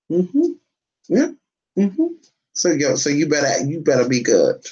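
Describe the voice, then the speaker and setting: A vlogger at home chatting to the camera and a pet dog, cursing freely, calling everyone honey and jumping into a squeaky high voice to tease the dog. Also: huge pitch swings, a little slow, warm tone, lo-fi sound. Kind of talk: casual, profane home vlog. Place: indoors at home. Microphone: phone or camera set down nearby.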